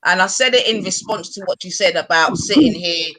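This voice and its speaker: Forceful, impatient debater with a bright edge. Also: mid-range voice, brisk. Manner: forceful, impatient, talks over others. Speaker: debate participant. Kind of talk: heated online debate.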